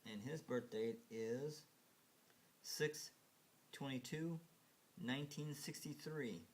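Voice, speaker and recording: A man's voice: mid-range voice, slow pace. A man casually narrating a slideshow, rambling and hesitant, full of fillers and restarts, chuckling at his own remarks. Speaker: video narrator.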